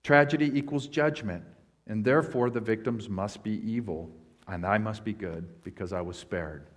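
A man's voice: fairly low pitch, moderate pace. A man preaching a sermon, explaining scripture in an earnest way and building to emphatic points. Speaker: pastor.

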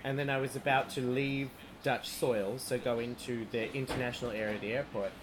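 A man's voice: medium pitch, fairly even intonation, brisk. A man casually telling a comic travel anecdote on a podcast, laughing often. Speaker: podcast co-host. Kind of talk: casual chat, storytelling. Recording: noticeable background noise.

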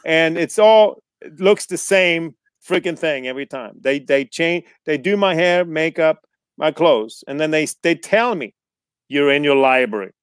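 A man chats casually, telling lively stories, cursing freely and acting out the people he quotes. His voice sits a little on the high side. The sound is dry and close, with no room echo. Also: unhurried, clear, resonant tone. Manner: animated, swears freely, mimics others in quotes. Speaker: actor guest. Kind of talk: casual storytelling chat.

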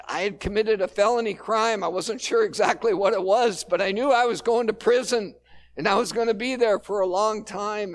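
A male pastor preaching a sermon in a relaxed, conversational storytelling way, with frequent fillers. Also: high voice.

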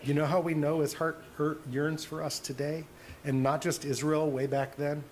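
A man's voice: a little high, flat delivery, normal speed, slight background noise. Earnest man preaching a sermon. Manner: earnest, drops to soft hushed tones on tender points. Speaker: pastor.

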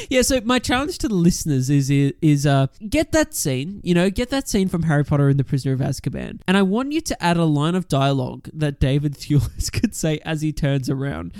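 Animated, swearing male podcast co-host. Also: on the high side, moderate pace, clean tone, no room sound, clean studio sound. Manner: animated, swears a lot, acts out scenes. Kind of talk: casual film podcast chat.

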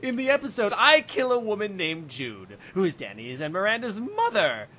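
A man's voice: sits high, wildly swooping pitch, normal speed, pushed and bright. A man co-hosting a comedy podcast, talking in a playful, jokey way. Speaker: podcast co-host. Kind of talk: casual comedic chat.

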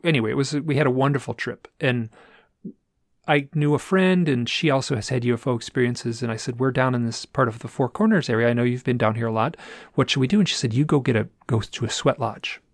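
A man's voice: mid-range voice, quick pace, no echo, studio quality. A man telling a personal story in a casual, rambling way, with restarts and repeated phrases. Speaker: guest telling an experience.

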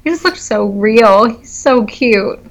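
A woman's voice: fairly high pitch, lively intonation, takes it slowly, creaky. A woman gushing in casual chat, laughing often and saying "like" a lot.

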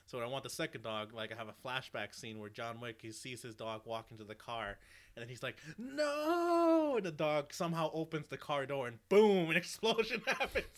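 A man in casual chat, animated and laughing, acting out silly movie scenes. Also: medium pitch, fairly quick.

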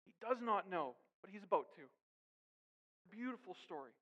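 Man, high voice, animated sermon, joking asides, long hall reverb. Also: moderate pace, lo-fi sound. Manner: animated preaching with asides and humor. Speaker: pastor.

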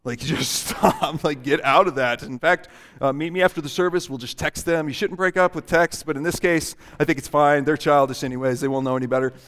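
Middle-aged male pastor, humorous conversational sermon delivery, slightly high voice, echoing church hall. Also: steady tone, a little fast, fairly bright tone. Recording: long hall reverb.

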